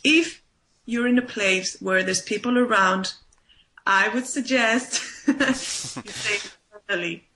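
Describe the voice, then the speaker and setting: Speaking slowly in a mid-range voice with a sharp tone, a woman life coach lays out her method in a conversational interview. She is emphatic and repeats points for stress, leaning on "right?" and "you know," with slight background noise audible.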